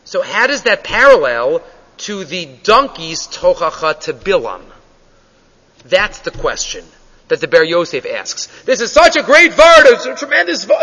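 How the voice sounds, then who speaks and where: A man giving a Torah study lecture, animated and full of rhetorical questions, reading texts aloud. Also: high-pitched. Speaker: Torah teacher. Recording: dull recording in a reverberant hall.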